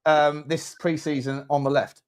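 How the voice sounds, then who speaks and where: A man's voice: fairly high pitch, normal speed, clean tone. A man hosting a casual football watchalong, jokey and playful, chatting through the match. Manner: jokey, animated, puts on silly voices. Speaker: host.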